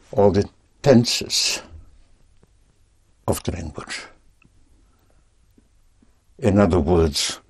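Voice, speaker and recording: A man teaching a language lesson, speaking patiently and deliberately in short phrases. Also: low voice, darkish tone, slightly rough.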